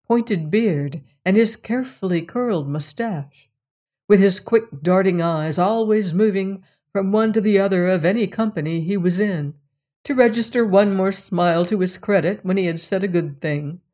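This is scripted audiobook narration: a woman with a fairly low pitch tells a novel's story in a measured, even way.

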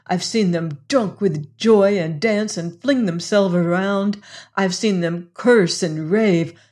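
A woman's voice: mid-range voice, a little mellow, lightly acted. A woman voicing a shy but spirited young frontier girl in an audiobook, speaking with impassioned earnestness. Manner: impassioned, pleading.

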